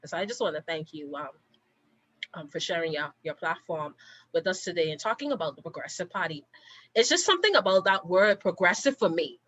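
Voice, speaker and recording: A woman from the Caribbean hosting an online interview, slightly hoarse from a cold, speaking emphatically and repeating her thanks. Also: fairly low pitch, animated, a little fast, rough recording. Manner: warm, repetitive thanking, emphatic. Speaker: host.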